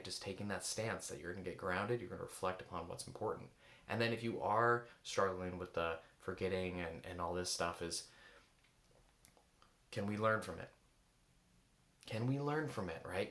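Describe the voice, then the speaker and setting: A man's voice: lowish voice, a bit bright, echoey room. A man giving a reflective coaching talk, searching for words and asking many rhetorical questions. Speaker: eating coach.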